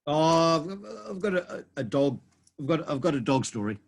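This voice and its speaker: An Australian man co-hosting a casual betting podcast, telling a story in halting phrases with frequent restarts. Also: on the high side, big pitch swings, creaky. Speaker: podcast co-host.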